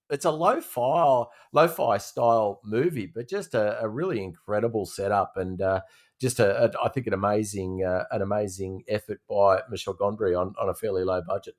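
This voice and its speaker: A fairly low-voiced man hosts a podcast segment. He rambles easily, with plenty of pauses and fillers. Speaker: podcast co-host presenting a segment.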